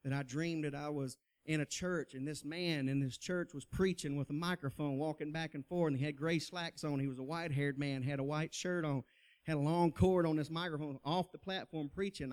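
This middle-aged man's voice sits on the high side, fairly even in intonation, a little fast and a little mellow. Laughing frequently and calling out to the crowd, he tells his testimony like a folksy preacher.

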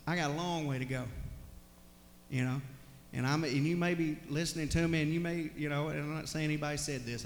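A man's voice: a little high, a little hiss or hum. A man, a pastor preaching and then leading a heartfelt prayer, often repeating "God" and "Lord". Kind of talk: sermon and closing prayer. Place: church sanctuary. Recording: echoey church hall.

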